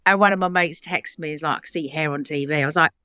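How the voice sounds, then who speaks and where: A middle-aged British woman tells stories in an interview, animated and laughing, putting on the voices of people she quotes. Her voice sits a bit low for a woman. The sound is close and dry, with no room behind it. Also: fast, clear, resonant tone, no room sound. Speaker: charity founder, guest. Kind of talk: conversational interview storytelling.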